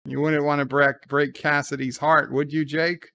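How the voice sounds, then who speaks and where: A man's voice: a little high, flat delivery, normal speed, gravelly, sharp tone. A man hosting a live watch-along, casually retelling scenes in loose paraphrase and answering viewer chat. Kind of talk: casual live episode commentary.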